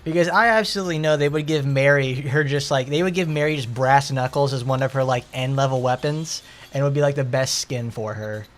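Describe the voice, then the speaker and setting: A man with a Southern accent giving rambling, excitable commentary while playing a game. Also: medium pitch, a little fast. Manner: rambling, excitable, lots of fillers. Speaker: gaming streamer.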